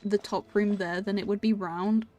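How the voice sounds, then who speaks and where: Her voice sits at medium pitch, steady and dark in tone. Streaming a game, this young woman keeps up playful, chatty banter with viewers, laughing quickly as she plays.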